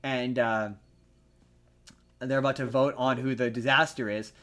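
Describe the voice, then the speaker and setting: A man co-hosting a casual podcast, retelling a story in a rambling, animated way with lots of restarts. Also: medium pitch, a little slow. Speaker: podcast co-host.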